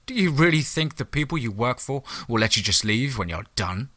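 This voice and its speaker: A man voicing the devil as a smooth, seductive woman in a spoken horror story, teasing and sly. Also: mid-range voice, animated, brisk, bright, forceful tone, no room sound, voice pushed up.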